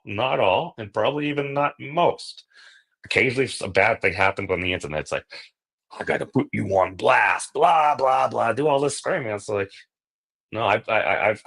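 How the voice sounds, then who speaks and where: A man's voice: fairly low pitch, a bit bright, slightly rough. A man hosting a live stream, telling a rambling story in casual chat with lots of filler phrases. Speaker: livestream host.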